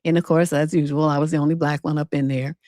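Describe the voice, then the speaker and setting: A middle-aged woman, a relationship coach and livestream host, telling a personal story in a casual, animated way, acting out quotes with attitude and cursing freely. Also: low-pitched, quick pace, no room sound, studio quality. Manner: animated, sassy storytelling with acted-out quotes and swearing.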